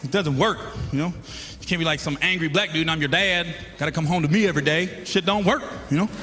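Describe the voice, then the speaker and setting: A man performing a stand-up routine, his voice high and his delivery rapid. He tells animated stories and shouts his punchlines. The live recording carries clear background noise. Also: in a large hall. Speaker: stand-up comedian.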